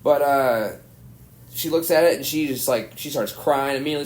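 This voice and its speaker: A man's voice: mid-range voice, moderate pace, heavy background noise. A young comedian from Arkansas spins a long, rambling story on a podcast. He swears casually and leans on "dude" and "like" as he goes. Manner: rambling, profane, says "dude" a lot. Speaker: stand-up comedian, podcast guest.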